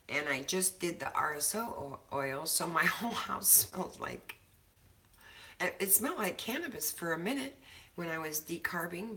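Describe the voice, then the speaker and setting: A woman's voice: sits low, bright, forceful tone. A woman chatting casually from her home kitchen, talkative and laughing often, swearing now and then. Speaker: co-host of a cannabis show. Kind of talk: casual chat.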